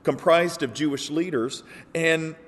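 A man's voice: on the high side, measured pace. A pastor delivering a sermon, earnest and explanatory, rising to emphatic peaks when he quotes scripture. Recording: long hall reverb.

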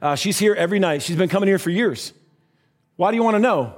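A man's voice: high-pitched, animated, fast talker. A man voicing a big, friendly diner cook who talks in a casual, plainspoken way.

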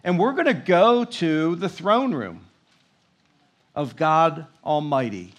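Male preacher, high voice, slow and emphatic, reads scripture then comments. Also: big pitch swings, dull audio. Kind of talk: sermon.

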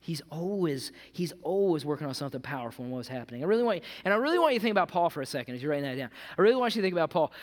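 A man preaching a sermon as pastor in a casual, conversational way, calling his listeners "gang" and swinging between hushed, earnest passages and loud, animated ones. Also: a little high, racing, few pauses, in a large hall. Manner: conversational, calls the audience "gang".

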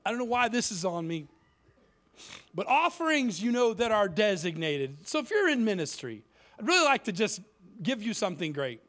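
A man preaching in a church, with an unusually high, bright voice. His pitch swings all over as he tells stories and slips into the voices of the people in them. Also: moderate pace. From Cleveland inner city. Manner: lively storytelling, acts out quoted voices. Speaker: guest preacher. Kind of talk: sermon.

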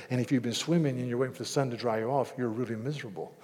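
A man's voice: medium pitch, steady tone, racing, hardly any pauses, darkish tone. A man preaching a sermon in an earnest style that rises to emphatic bursts, in a church sanctuary. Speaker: pastor. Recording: long hall reverb.

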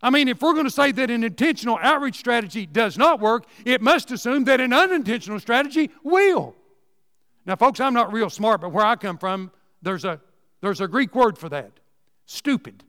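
A man tells church stories in a folksy, repetitive way, his voice pitched high. The sound carries a long reverb, as if from a church hall. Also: animated, fairly quick, bright, forceful tone. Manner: folksy storytelling, repeats words, rising emphatic asides. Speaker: Sunday school teacher and speaker. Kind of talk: folksy Southern Baptist teaching talk.

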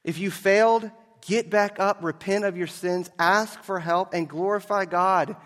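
A man preaching a sermon as a pastor, telling a story and moving between loud and hushed delivery. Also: high-pitched, fairly even intonation, measured pace, long reverb tail.

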